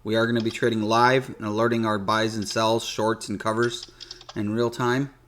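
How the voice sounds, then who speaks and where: A man's voice: fairly low pitch, little pitch movement, moderate pace, a bit bright, a little hiss or hum. A man casually hosting a live stock trading stream, chatty and loose. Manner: loose, chatty, restarts sentences. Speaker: livestream host. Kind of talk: casual livestream chat.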